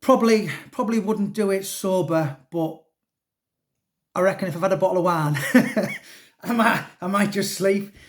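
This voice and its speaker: A man with a somewhat high voice chats in a loose, rambling way. He restarts his sentences often and tacks on fillers as he goes. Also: normal speed. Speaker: author. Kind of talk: casual chat.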